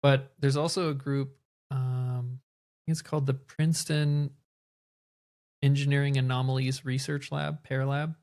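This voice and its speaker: A man's voice: mid-range voice, little pitch movement, unhurried, darkish tone. A man co-hosting a podcast, thoughtfully explaining ideas in casual conversation. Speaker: podcast co-host.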